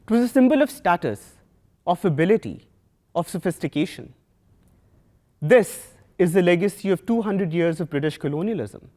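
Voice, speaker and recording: A young man from Pakistan with a South Asian accent, giving a prepared, earnest talk with measured rhetorical pauses. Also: high voice, animated, warm tone. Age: young adult. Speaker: student speaker.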